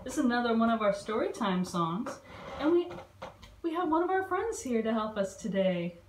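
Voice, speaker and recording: A woman librarian reading a picture book aloud to young children, expressive and stopping to ask them questions. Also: fairly high pitch, normal speed, slight background noise. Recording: roomy echo.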